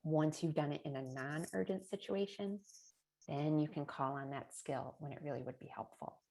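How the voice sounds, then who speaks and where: A woman's voice: low-pitched, normal speed, gravelly, mellow. A middle-aged woman presenting a parenting webinar in a chatty way, often adding a rhetorical "right?" and little laughs. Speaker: early childhood presenter.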